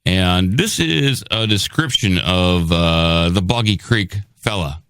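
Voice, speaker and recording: A man's voice: deep voice, takes it slowly, a bit bright, clear, resonant tone, no echo, clean studio sound. A man hosting a comedic podcast, joking and self-mocking. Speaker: podcast host.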